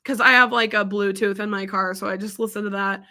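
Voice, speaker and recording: A woman's voice: medium pitch, fairly even intonation, a little fast, bright, forceful tone. A young woman on a live stream, answering viewers' questions in a rambling, casual chat full of "like" and "um". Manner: rambling and chatty, heavy on "like" and "um".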